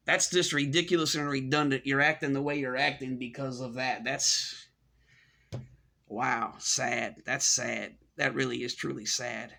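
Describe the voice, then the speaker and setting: A man's voice: medium pitch, steady tone, measured pace, gravelly, bright, forceful tone. A middle-aged man delivering a scornful, repetitive ranting monologue as a commentary host.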